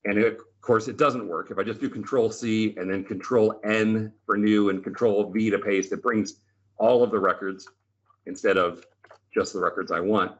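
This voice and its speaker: A man's voice: on the low side, fairly even intonation, moderate pace. Chatty, enthusiastic man on a dull webinar line. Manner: chatty, enthusiastic, tag questions like "right?". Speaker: Excel trainer and presenter. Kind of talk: lively storytelling webinar talk. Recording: slightly dull lo-fi webinar audio.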